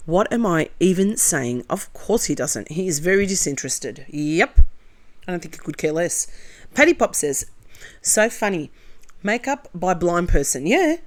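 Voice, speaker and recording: A woman with a somewhat low voice talks close to the mic in a casual commentary video. She reads viewer comments aloud one after another and answers each with blunt, opinionated remarks and chatty asides. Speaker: commentary channel host.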